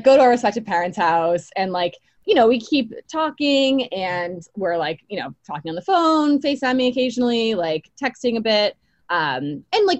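A young woman telling a long personal story in casual chat, full of fillers and quick laughs. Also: mid-range voice, no room sound. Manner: chatty, many fillers, laughs easily. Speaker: podcast guest.

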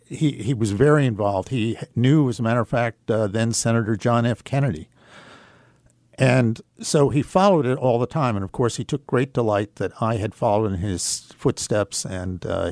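A man speaking as a guest on a radio show, telling a personal story in an earnest, reflective way, unhurried and with fillers. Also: lowish voice, a little mellow, dry recording.

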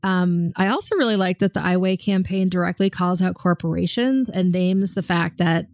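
A woman co-hosts a relaxed conversation in a slightly low, gravelly voice. She thinks aloud with plenty of ums and restarts. The sound is close and dry. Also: moderate pace, no echo. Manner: thoughtful, frequent ums and restarts. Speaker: podcast co-host. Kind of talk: casual conversational chat.

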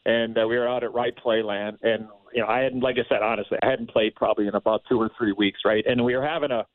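A man, a former hockey player, telling a rambling, animated story in casual chat, laughing often. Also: on the low side, quick pace, dry recording, phone-quality sound.

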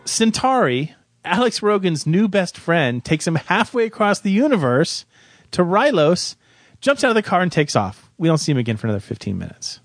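A man's voice: high voice, big pitch swings, normal speed, dry recording. A man co-hosting a comedy podcast, ranting in exasperation over his gripes. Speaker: podcast co-host. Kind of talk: comedic rant about a film.

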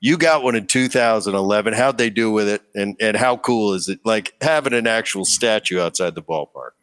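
A man's voice: fairly low pitch, a little fast, fairly bright tone, smooth. A man hosting a podcast, chatting in an easygoing way and stumbling over his words. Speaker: podcast host. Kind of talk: casual interview chat.

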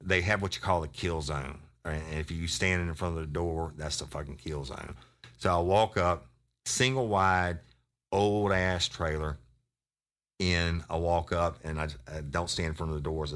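A man, a podcast host and former deputy, telling a profane, animated story. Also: a bass voice, normal speed.

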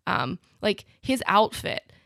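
A woman at a middle pitch talks as a podcast co-host, laying things out plainly with wry, critical asides. Her voice is close and dry. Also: sing-song, slow pace, fairly bright tone, dry recording. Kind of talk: casual chat about a musical.

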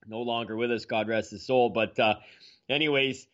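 A man's voice: medium pitch, fairly even intonation, a bit bright. Easygoing man on muffled audio. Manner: easygoing, measured, meandering storyteller. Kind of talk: casual storytelling in conversation.

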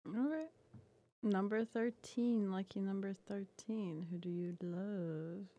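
A woman's voice: mid-range voice, slow pace, warm tone, highs cut off. Giggly, playful woman interviewer. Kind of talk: casual interview questions.

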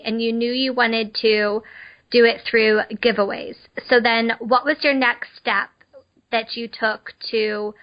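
A woman host with a somewhat high voice sums up what the guest said, then asks what came next. Her delivery is flat and even. The recording sounds dull and lo-fi. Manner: recapping before asking. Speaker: podcast host. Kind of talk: interview questions. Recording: dull, lo-fi remote audio.

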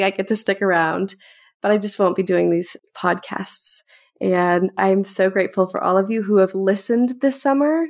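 A young woman talks casually and from the heart as a podcast host, sounding grateful and a little emotional. Her voice sits at a middle pitch with a noticeable gravelly fry. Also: a little mellow. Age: young adult. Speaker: intern hosting a weekly podcast segment. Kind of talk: casual personal talk to camera.

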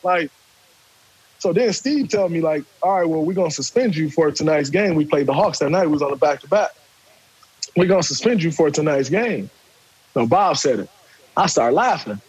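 A man, telling a story in casual talk, animated and profane, acting out quotes. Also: a little high, moderate pace, slightly rough, poor audio.

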